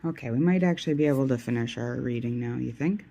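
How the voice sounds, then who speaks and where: A woman with a bass voice streams live as a tarot reader, talking quickly but mellowly over a rough recording. Tired and yawning, she shuffles cards while chatting casually with viewers, mutters to herself, and jokes at her own expense.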